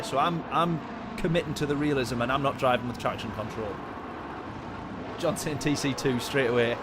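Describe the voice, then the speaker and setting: A man commentating live on a sim-racing stream, chatting with viewers in his chat and getting excitable in the race. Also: medium pitch, background noise. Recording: game music behind voice. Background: game music and car engine sounds.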